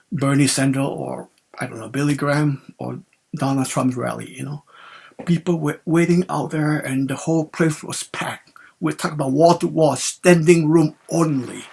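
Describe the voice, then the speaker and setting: Male joke teller, gravelly tone, music bed underneath. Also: a little high. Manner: rambling, conversational, self-correcting. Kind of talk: storytelling a joke. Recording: clear music behind the voice.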